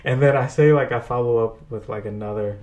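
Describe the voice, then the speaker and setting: A man's voice: medium pitch, brisk, darkish tone, lo-fi sound. A man co-hosting a podcast, telling loose, slangy stories in casual chat and laughing often. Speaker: podcast co-host.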